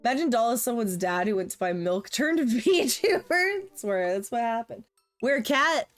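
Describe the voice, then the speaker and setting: A woman's voice: on the high side, expressive, normal speed, soft background music. A woman streamer chatting casually while playing a dating game, giggly and self-mocking. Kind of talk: casual livestream chat.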